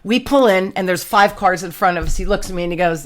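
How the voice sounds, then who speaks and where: A woman hosting a podcast, chatting casually and telling stories in an animated, exclamatory way. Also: medium pitch, fast. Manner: animated storyteller, exclamatory, slangy. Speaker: podcast host. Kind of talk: casual chat.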